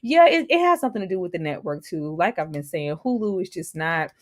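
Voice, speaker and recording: A woman's voice: on the low side, very animated, a little fast. A young woman hosting a casual TV review livestream, laughing often and greeting viewers by name.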